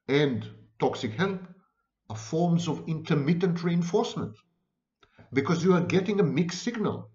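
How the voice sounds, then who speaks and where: A man's voice: a little high, highs cut off. A man giving an unscripted lecture on psychology, emphatic, often repeating and restating his phrases.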